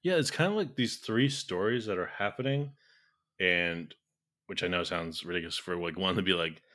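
A man with a very deep voice and a bright, forceful tone talks about a horror film. He speaks quickly and keeps breaking into laughter. His talk is loose and full of "like". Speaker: podcast co-host. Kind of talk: casual film discussion.

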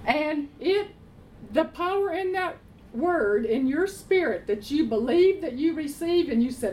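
Woman preacher, high voice, slow deliberate delivery, keeps repeating points, faint hiss behind. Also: lively intonation, darkish tone, rough recording. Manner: emphatic, repeats phrases, asks and answers own questions. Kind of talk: sermon.

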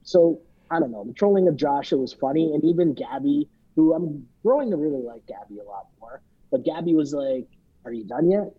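A man's voice: a little high, lively intonation, brisk, hardly any pauses, husky. A man co-hosting a podcast, chatting loosely and joking as he recaps and mimics people. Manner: rambling, joking, imitates people he talks about. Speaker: podcast co-host. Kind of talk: casual podcast recap chat. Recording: dull lo-fi mic sound.

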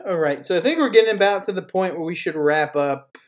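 A male podcast host with a fairly high voice chats casually. He jokes and swears a lot, and he mimics the people he talks about. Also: fairly quick. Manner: joking, profane, quotes people in mock voices.

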